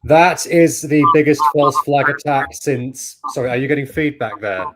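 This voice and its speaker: A man joining a live discussion as a guest, speaking in a measured, dismissive way. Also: fairly high pitch, steady tone, crowd noise.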